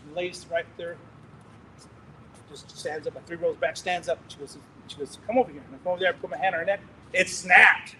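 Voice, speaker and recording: A man preaching, telling a testimony in an animated, rambling way with laughs and restarts. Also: fairly high pitch, a little fast, a little hiss or hum, poor audio. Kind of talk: sermon testimony storytelling.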